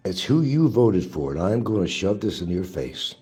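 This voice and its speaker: Low, mellow-voiced ranting man. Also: sing-song, normal speed, soft background music. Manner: angry, profane, mocking. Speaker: livestream host. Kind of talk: ranting political monologue.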